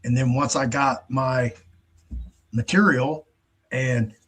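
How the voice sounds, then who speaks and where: A husky-voiced man from the States talks through a loose, rambling monologue as host of his own show. His tone is blunt and profane, with a middling pitch and a breathy edge. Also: steady tone, takes it slowly, fairly bright tone. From United States. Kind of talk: casual monologue.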